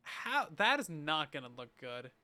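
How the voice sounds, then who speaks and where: An animated young man talks over a game stream in a bright, clear, high voice that rises and falls a lot. He answers viewer messages playfully and chattily from a home streaming setup. Light music plays softly behind him. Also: unhurried. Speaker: livestreamer. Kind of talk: casual livestream chat reading viewer messages.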